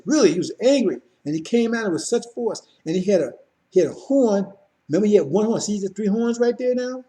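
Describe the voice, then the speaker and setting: A man's voice: sits high, dark tone. A man preaching a sermon, repeating points and addressing listeners directly with frequent asides.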